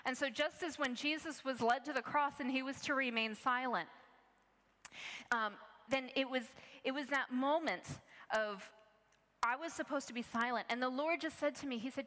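A woman's voice: high voice, moderate pace, pushed and bright, long reverb tail. A woman preaching a sermon, telling stories earnestly and restarting her phrases often. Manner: earnest storytelling, many restarts.

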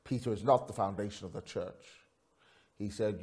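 A man preaching a sermon, swinging from quiet storytelling to loud, fervent peaks. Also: moderate pace. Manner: preaching with big swings in pitch and loudness, rising to fervent peaks. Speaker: pastor.

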